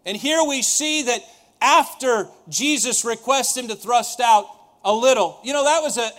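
A man preaching a sermon, emphatic, slowing and dropping to a hush on key lines. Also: extremely high pitch.

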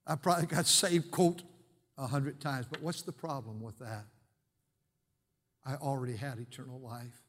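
An older man, a pastor preaching a sermon in his church, swinging between shouted preaching and quiet, hushed storytelling. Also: mid-range voice, fairly even intonation, moderate pace, long pauses. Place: church sanctuary. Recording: long reverb of a church hall.

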